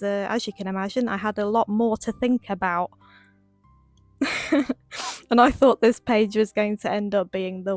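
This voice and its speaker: A woman talking through her crafting in a casual voiceover, rambling and quick, laughing at herself. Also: medium pitch, dry recording. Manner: rambling, quick, self-deprecating. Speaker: crafting vlogger.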